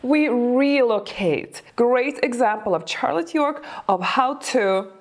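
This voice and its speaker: Woman dating coach, encouraging and chatty, slightly high voice, reacts to clips. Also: slow. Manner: chatty, encouraging, laughs often.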